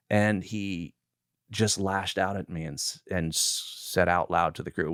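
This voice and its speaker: Man in his 60s, lowish voice, dry close mic, animated guest storyteller. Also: a little slow, no echo. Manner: animated storyteller who acts out quoted lines. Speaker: film director, guest. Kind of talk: interview storytelling.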